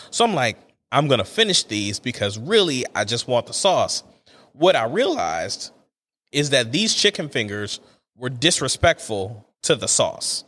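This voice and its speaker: A young man hosting a solo podcast, ranting in a casual, exasperated way about a small everyday gripe. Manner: animated, exasperated ranting with big pitch swings. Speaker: podcast host.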